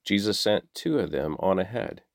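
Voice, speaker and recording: A man reading the daily Bible passages aloud in a measured, steady way. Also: deep voice, gravelly, no room sound, clean studio sound. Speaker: Bible reader.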